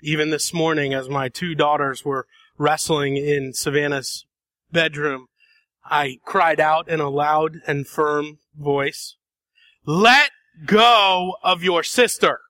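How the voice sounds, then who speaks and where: A man preaching a sermon, dramatic, acting out voices and shifting between soft and loud passages. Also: a little high, flat delivery, slow pace, no room sound. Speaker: pastor.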